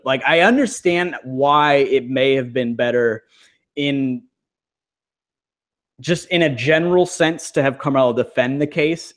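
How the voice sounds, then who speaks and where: Rambling casual man, heavy on fillers. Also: mid-range voice. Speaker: podcast co-host. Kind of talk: casual chat.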